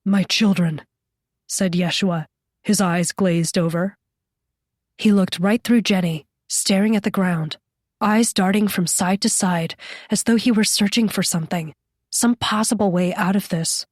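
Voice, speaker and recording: A woman reading a horror novel aloud as an audiobook narrator, in a steady, measured style. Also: mid-range voice, no echo, studio quality. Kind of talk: scripted narration.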